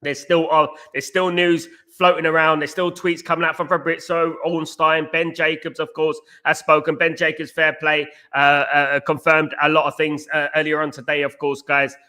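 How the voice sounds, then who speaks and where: A man's voice: fairly high pitch, little pitch movement, moderate pace, hardly any pauses, pushed and bright. A man hosting a casual football fan live stream, passionate and repetitive, often speaking straight to his viewers. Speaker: podcast host.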